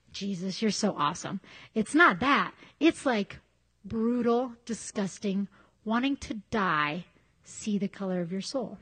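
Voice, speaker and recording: A woman preaching a sermon in a conversational, candid way, telling personal stories. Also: fairly high pitch. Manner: conversational, candid, animated storytelling.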